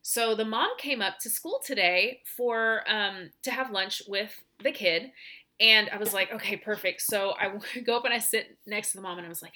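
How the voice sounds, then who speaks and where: A middle-aged woman co-hosting a casual podcast, her tone bright and forward. She tells stories with animated energy and swears freely. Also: mid-range voice, moderate pace. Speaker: teacher and podcast co-host. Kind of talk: casual chat.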